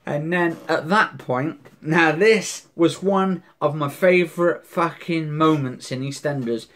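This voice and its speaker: A man recaps a TV episode in loose, rambling speech. His voice sits a little high. He circles back on his words and drops the odd swear word. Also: takes it slowly, a bit bright. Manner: rambling, repeats himself, swears casually. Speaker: vlogger recapping a soap episode. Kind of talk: casual spoken recap.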